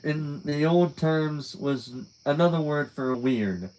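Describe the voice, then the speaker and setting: A man's voice: a little high, takes it slowly, a little mellow, rough recording. A man reading a novel aloud on a live stream, casual and conversational, breaking off to talk to his viewers. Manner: casual, conversational, trailing off at phrase ends. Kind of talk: live reading with chatty asides to chat.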